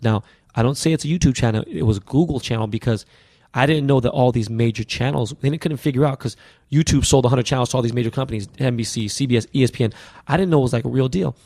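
Man, fast talker, gravelly, swearing and slangy, podcast guest. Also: medium pitch, dry recording, studio quality. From US West Coast. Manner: animated, profane, slang-heavy storytelling. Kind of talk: casual storytelling interview.

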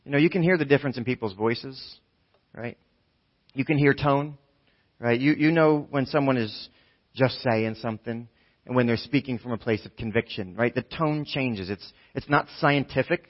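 A man preaching a conversational sermon, talking casually, often asking "right?" and swinging from hushed tones to near shouting. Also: mid-range voice, normal speed. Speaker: pastor. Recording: dull lo-fi sound.

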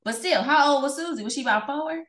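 A woman co-hosting a casual podcast chat, telling stories in an animated, emphatic way. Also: high-pitched, quick pace. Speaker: podcast co-host. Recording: echoey room.

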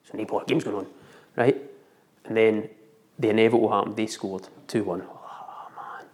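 A middle-aged man with a Scottish accent telling a story in casual chat, animated and laughing often. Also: fairly low pitch, normal speed.

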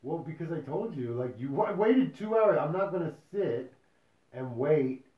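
A man's voice: on the high side, lively intonation, measured pace. A man co-hosting a podcast, bantering in casual, teasing, profane chat. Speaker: podcast co-host. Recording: roomy, dull lo-fi sound.

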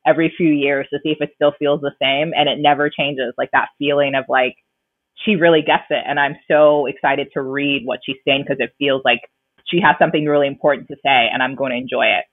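A woman's voice: extremely low pitch, fairly even intonation, fairly quick, dry recording. Woman on a tinny line. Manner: rambling, self-correcting. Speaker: podcast co-host. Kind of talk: casual chat. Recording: tinny, dry phone-like line.

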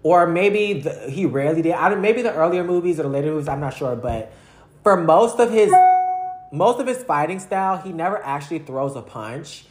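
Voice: mid-range voice, animated, brisk, echoey room, soft background music. Rambling young adult vlogger, slangy. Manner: rambling, filler-heavy, slangy. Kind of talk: casual rambling monologue.

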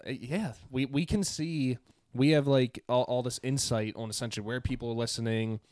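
A man's voice: mid-range voice, fairly even intonation, moderate pace, darkish tone, no echo, clean studio sound. A man co-hosting a podcast in casual, joking chat. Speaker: podcast co-host.

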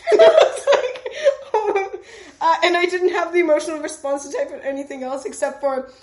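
A woman's voice: high voice, lively intonation, a little fast, a little mellow. A young woman co-hosting a podcast in casual chat, laughing often, swearing and trailing off mid-sentence. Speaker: podcast co-host. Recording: echoey room.

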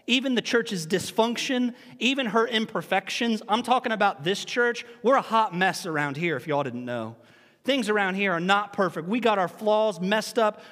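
A man preaching a sermon as pastor, animated, with rhetorical questions and humorous asides. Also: high-pitched. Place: church sanctuary. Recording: long reverb in a large church hall.

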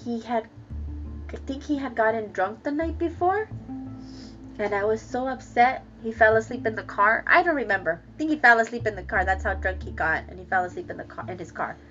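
A woman with a high voice tells her own story in a candid, emotional way, laughing between sentences and restarting her words. The recording sounds slightly muffled, with faint music under her voice. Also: expressive, brisk, a bit bright. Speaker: guest sharing a personal story. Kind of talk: candid personal testimony.

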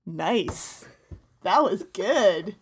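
A woman's voice: mid-range voice, lively intonation, very slow, breathy edge. A woman co-hosting a podcast in casual banter, playful and rambling, often giggling. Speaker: podcast co-host and DJ.

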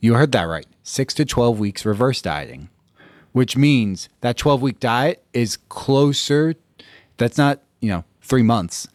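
A man hosting a podcast as a fitness coach, talking bluntly and casually with frequent swearing and quick acted-out reactions. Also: medium pitch, animated, no echo. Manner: blunt, profane, acts out listeners' reactions. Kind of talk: casual solo podcast monologue.

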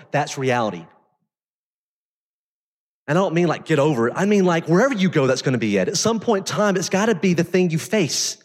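A man preaching a sermon as pastor, talking conversationally and swinging between intense emphasis and quiet storytelling. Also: medium pitch, long reverb tail.

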